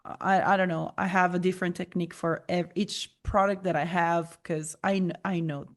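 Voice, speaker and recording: A woman with an Italian accent and a slight lisp, a guest in a casual interview who talks haltingly and searches for her words. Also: lowish voice, fairly even intonation. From Italy. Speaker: guest musician.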